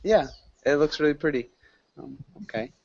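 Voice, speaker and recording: A man's voice: fairly high pitch, normal speed, dry recording. Male online teacher, easygoing and rambling, dry lo-fi sound. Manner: relaxed, rambling, many fillers. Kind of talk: casual online class chat.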